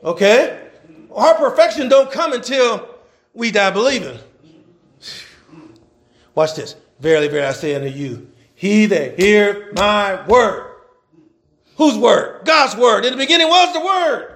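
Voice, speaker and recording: Very high-pitched fervent male preacher. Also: animated, a bit bright. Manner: fervent, calls out to the congregation, drawn-out scripture reading; conversational asides with chuckles. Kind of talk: sermon.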